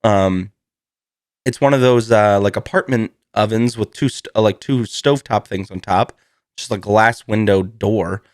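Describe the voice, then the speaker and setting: A man's voice: lowish voice, unhurried, dry recording, clean studio sound. A man hosting a casual solo podcast, joking and swearing freely and laughing often. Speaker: podcast host.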